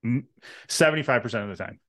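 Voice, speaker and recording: A man's voice: medium pitch, fast talker, sharp tone, no room sound. A man co-hosting a podcast, trading crude jokes and swearing freely in casual banter. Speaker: podcast co-host.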